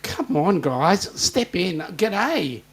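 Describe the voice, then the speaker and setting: An Australian man with a slightly high voice hosts a relaxed live-stream chat. He jokes, rambles and welcomes viewers one by one. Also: drawn-out words, creaky, breathy edge. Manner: chatty, joking, greets viewers by name. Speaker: host.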